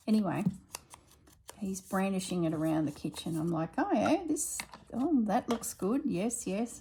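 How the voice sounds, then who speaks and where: A craft vlogger chats and tells stories at home while working on a craft project, a natural, chatty storyteller. Her voice is on the low side, gravelly and mellow, with a little hiss or hum in the recording.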